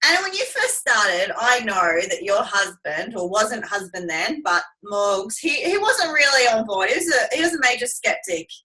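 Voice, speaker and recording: An upbeat woman host puts chatty questions to her guest in a bright, fairly high voice. She sits some way back from the mic, so her voice sounds a little distant. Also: very animated, normal speed, few pauses. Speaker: host, team leader. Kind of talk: live-stream interview.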